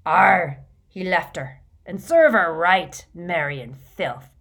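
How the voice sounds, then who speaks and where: A woman reading an audiobook voices a drunken, filthy older man who bellows in a rough, slurred dialect. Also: lowish voice, lively intonation, takes it slowly, fairly bright tone, full character voice. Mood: drunken, ranting.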